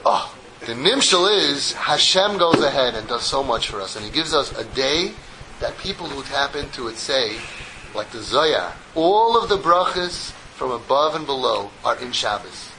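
A man giving a sermon as a rabbi, telling a parable in an animated, joking storyteller manner. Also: mid-range voice, normal speed, a little hiss or hum, low-quality recording.

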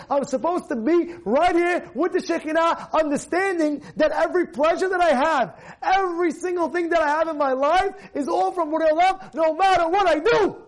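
A man, a rabbi, giving a Torah class, animated, firing rhetorical questions and repeating phrases for emphasis. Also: very high-pitched.

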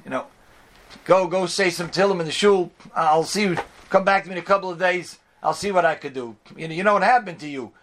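A man's voice: sits high, fairly quick, a bit bright, slight background noise. A man voicing a kindly, generous older rabbi who soothes and reassures. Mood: reassuring.

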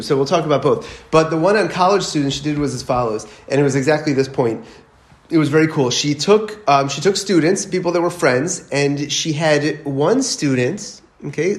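Conversational man teaching in an echoey room. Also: fairly high pitch. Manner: conversational, checks in with "okay?". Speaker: religious teacher. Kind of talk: informal lecture.

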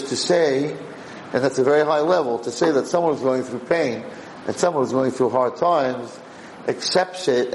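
A man giving a Torah class, lively and animated, often acting out the people he quotes. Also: medium pitch. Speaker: Torah teacher. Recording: roomy room echo, faint background hiss.

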